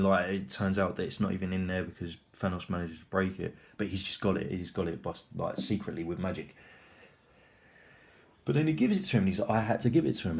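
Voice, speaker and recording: Excitable, rambling young man, fairly low voice. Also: gravelly. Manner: rambling and excitable, heavy swearing and filler "like". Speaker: film reviewer. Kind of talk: casual spoken film review.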